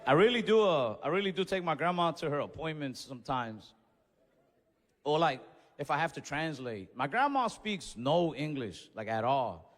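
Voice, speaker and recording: A young man telling a stand-up story in a laid-back, conversational way, now and then shouting a punchline. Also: a little high, lively intonation, moderate pace. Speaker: stand-up comedian. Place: comedy club stage with audience. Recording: live venue with long reverb, faint room noise.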